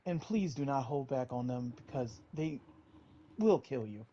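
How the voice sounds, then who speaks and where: Animated mellow-voiced game master. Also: medium pitch, unhurried, lo-fi sound, slight background noise. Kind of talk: narrating a tabletop game.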